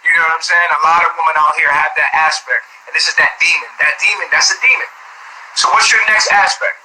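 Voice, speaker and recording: High-voiced man giving a street-smart astrology reading. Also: fast. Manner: streetwise, profane, lecturing. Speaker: astrology reader. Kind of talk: casual one-on-one reading. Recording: noisy background hiss.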